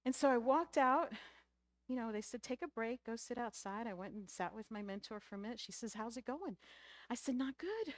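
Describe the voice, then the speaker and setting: Expressive woman minister telling a story. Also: on the high side, brisk, no echo, clean studio sound. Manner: animated personal storytelling, emotional swings. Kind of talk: sermon storytelling.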